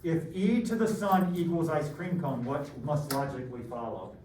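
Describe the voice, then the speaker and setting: A man's voice: on the high side, lively intonation, normal speed, darkish tone. A middle-aged man teaching a math class, joking and rambling through stories. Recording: echoey room from far off, faint noise.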